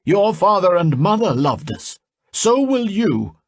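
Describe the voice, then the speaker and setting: A man's voice: sits high, big pitch swings, measured pace, dry recording, clean studio sound, pitched above the performer's own voice, exaggerated voice. A man voicing the menacing, lonely spirit of a dead father in an audiobook, cold and possessive. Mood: pleading.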